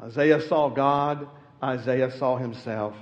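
A man giving a sermon as a guest preacher, telling a story and building to loud, emphatic peaks. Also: medium pitch, steady tone, slow. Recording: long reverb, dull lo-fi sound.

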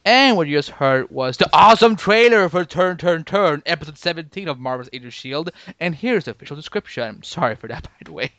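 A man hosting a podcast in casual chat, talking in halting bursts with lots of restarts and fillers. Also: a little high, lively intonation, fairly bright tone, no room sound, dull audio. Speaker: podcast host.

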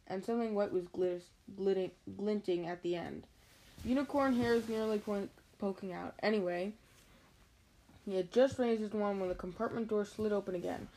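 A woman's voice: mid-range voice, darkish tone. Woman reading a storybook aloud casually. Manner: chatty, stumbling over words and restarting. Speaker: reader.

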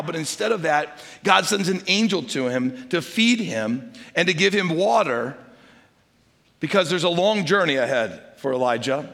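An older man, a grandfather, preaching a sermon and telling stories, dropping to a hush when he quotes a whisper. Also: fairly high pitch, expressive, moderate pace, gravelly. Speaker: pastor. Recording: long hall reverb.

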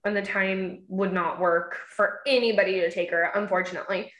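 Giggly woman chatting in an echoey room. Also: a little fast. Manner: giggly, animated, acts out quotes in a high voice. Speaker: mom and podcast guest. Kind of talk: casual chat.

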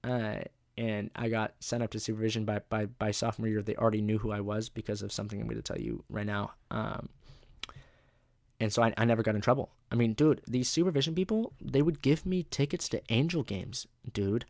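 A man's voice: fairly low pitch, steady tone, fairly quick, no echo, studio quality. A young man hosting a podcast, telling rambling, profane stories in a casual monologue and laughing at his own jokes. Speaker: podcast host.

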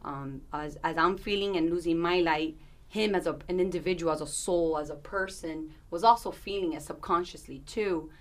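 A woman's voice: on the low side, normal speed. A woman in her thirties, an interview guest, telling a personal story in an earnest, candid way, with restarts and asides.

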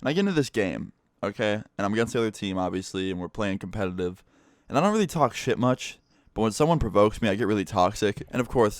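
A young man, a gaming streamer, telling a story in a casual, animated way with lots of swearing. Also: fairly low pitch, no echo, studio quality. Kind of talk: storytime vlog.

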